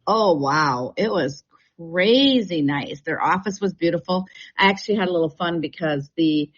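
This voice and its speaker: A woman's voice: fairly low pitch, animated, moderate pace. A woman, chatting and telling stories as a radio guest, laughing often. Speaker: real estate agent and radio show guest. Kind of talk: casual radio chat. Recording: dull radio broadcast sound.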